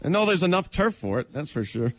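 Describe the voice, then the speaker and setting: A man co-hosting a show, telling excitable stories in casual banter. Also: a little high, brisk, dry recording, soft background music. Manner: excitable, tells stories with "dude". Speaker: radio show co-host.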